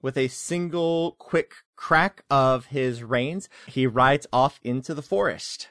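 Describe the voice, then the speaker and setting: A man running a tabletop game as game master, narrating thoughtfully with many pauses and fillers. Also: medium pitch, a bit bright, dry recording, clean studio sound.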